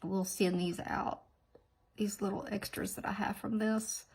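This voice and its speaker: A woman hosting a nail tutorial, chatting in a rambling, sniffly way and often dropping into soft whispered asides. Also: mid-range voice, level tone, measured pace, breathy edge, rough recording. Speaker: nail art channel host. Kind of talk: casual tutorial chat.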